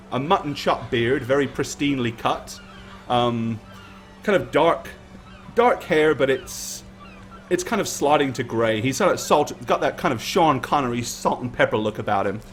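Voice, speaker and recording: A man narrating a tabletop game as game master in a casual, hesitant way, with many fillers. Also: medium pitch.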